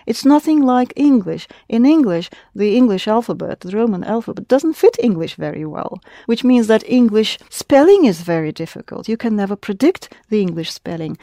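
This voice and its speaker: Lady tutor walking a student thru the alphabet, patient, mid pitch, dry close sound. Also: mellow, no room sound. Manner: patient, explanatory, prompting the student with questions. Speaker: Russian language teacher. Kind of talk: one-on-one language lesson.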